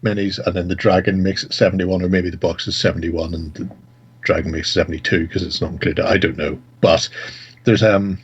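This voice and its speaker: A man's voice: low voice, fairly even intonation, brisk, husky, dull audio. A man co-hosting a casual hobby video chat, enthusiastic and joking. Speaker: co-host.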